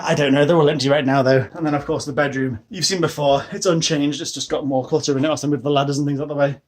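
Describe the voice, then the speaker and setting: A young British man vlogging a casual tour of his house, chatty and rambling, often exclaiming and laughing at himself. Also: fairly high pitch. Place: a house, indoors.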